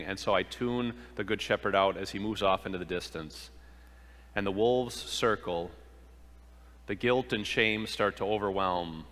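Male pastor, sermon, bright forceful voice, long hall reverb. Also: on the low side, moderate pace. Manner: earnest preaching with rhetorical questions and acted-out quotes.

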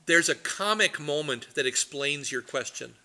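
A middle-aged man leads a Bible study as pastor, with a forceful, sharp-edged voice sitting slightly high for a man. He teaches like an animated storyteller and wanders off into asides. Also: normal speed.

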